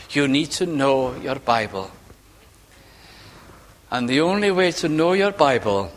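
A man preaching a sermon, asking rhetorical questions and swinging from emphatic to hushed. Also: fairly high pitch.

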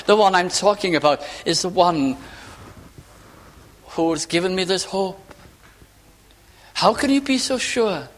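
A man preaching a sermon, asking rhetorical questions and swinging from emphatic to hushed. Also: high-pitched.

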